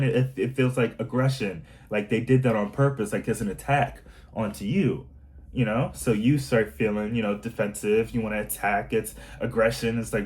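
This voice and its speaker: Earnest rambling man, low voice. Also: steady tone, normal speed, darkish tone, rough recording. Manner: earnest, rambling, many fillers. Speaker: self-help vlogger. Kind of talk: casual monologue.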